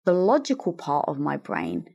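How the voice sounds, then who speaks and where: Animated woman telling stories. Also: deep voice, normal speed, vocal fry, slightly rough. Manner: animated storyteller, acts out quotes. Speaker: guest author. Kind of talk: interview conversation.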